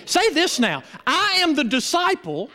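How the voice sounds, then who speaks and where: A male pastor preaching a sermon with animated, emphatic delivery and call-and-response with his congregation. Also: extremely high pitch, unhurried, big-room sound. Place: church.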